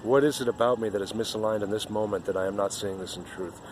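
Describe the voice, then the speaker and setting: A man's voice: lowish voice, fast, noisy background. A man giving an earnest, rambling spiritual monologue outdoors, often repeating himself.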